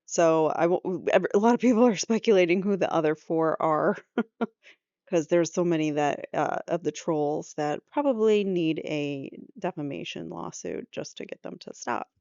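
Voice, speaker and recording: A woman's voice: low voice, normal speed, warm tone, no room sound, muffled recording. A woman host giving casual commentary, explaining what the clips show. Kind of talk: commentary over interview clips.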